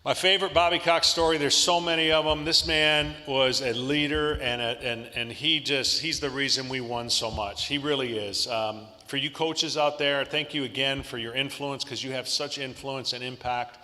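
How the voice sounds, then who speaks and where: Man, fifties, bright voice, lively anecdotes, banquet hall echo. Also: medium pitch, moderate pace, few pauses. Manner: animated anecdotes with laughs. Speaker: guest speaker. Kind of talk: storytelling speech at a luncheon. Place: large hotel banquet hall. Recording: long hall reverb.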